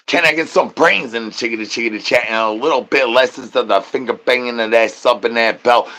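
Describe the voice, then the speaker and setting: A man rambles through a live-stream chat, chanting nonsense rhymes and catchphrases, breaking into sudden high-pitched outbursts. He talks fast, and his voice is pushed and bright.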